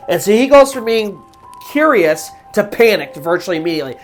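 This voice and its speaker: A woman host recounts a ghost story in relaxed, chatty narration. She slows and drops her voice at the tense moments. Faint music plays under her speech. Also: medium pitch. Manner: conversational, with fillers and restarts, dramatic pauses. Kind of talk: casual spoken horror story narration.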